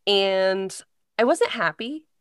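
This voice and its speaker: A woman's voice: mid-range voice, expressive, takes it slowly, smooth, no room sound, clean studio sound. A young woman from Indiana, a voice-over artist, talking as a guest in a casual interview, chatty and full of fillers. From Indiana, United States. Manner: chatty, many fillers like "like" and "you know".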